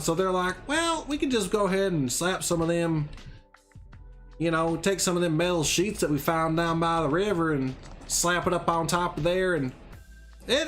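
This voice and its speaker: A man's voice: high-pitched, fairly bright tone, pitched above the performer's own voice. A man putting on a Southern US accent to voice a folksy, boastful country man while livestreaming a game. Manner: drawling, folksy, bragging. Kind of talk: joking character voice during a gaming livestream.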